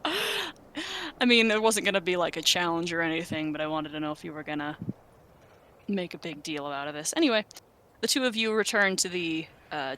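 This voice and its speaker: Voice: medium pitch, pushed and bright, a little hiss or hum. A game master narrating a tabletop game in a loose, joking way. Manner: laughs often, loose and joking.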